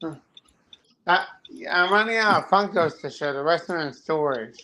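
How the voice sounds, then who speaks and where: A man chatting casually on a live stream as a guest, talking slowly with a halting manner and frequent fillers. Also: fairly high pitch, lively intonation, sharp tone. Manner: slow and halting, many fillers. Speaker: guest Funko collector. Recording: noisy background.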